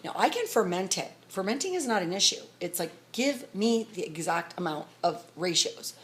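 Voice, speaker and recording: A middle-aged woman telling a rambling story to her vlog audience, talking fast and excitedly. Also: on the low side, slight background noise. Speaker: vlogger. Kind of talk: casual storytelling to camera.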